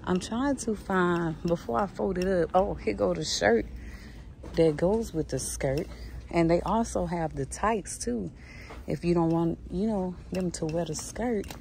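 A woman gives a chatty shopping walkthrough inside a store, her lowish voice carrying a gravelly edge. She talks straight to her viewers as "y'all," recorded on a handheld phone with faint store noise behind. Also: a little slow, darkish tone. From Southern United States. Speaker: shopping vlogger.

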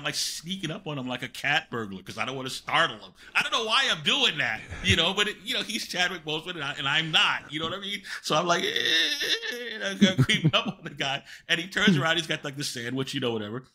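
Older male guest, animated anecdote-teller, bright tone, lots of fillers. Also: a little high, quick pace. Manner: animated, rambling anecdotes with many fillers and self-interruptions. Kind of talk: storytelling in a podcast interview.

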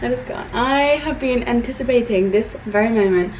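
A woman's voice: on the high side, normal speed, a little mellow, recorded from a distance, slight background noise, low-quality recording. A young woman chats in a casual vlog, talking emotionally and rambling with many fillers. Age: young adult. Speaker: vlogger.

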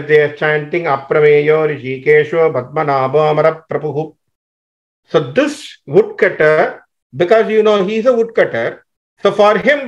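A man tells a teaching story in a fairly high voice. He talks animatedly and restarts his phrases often. The recording sounds dull and lo-fi. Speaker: teacher explaining scripture. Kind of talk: storytelling explanation.

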